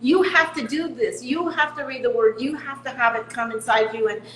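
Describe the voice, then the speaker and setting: A woman's voice: on the high side, normal speed, a bit bright, echoey room, a little hiss or hum, poor audio. A middle-aged woman talking candidly as an interview guest, laughing at herself now and then. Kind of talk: casual interview talk.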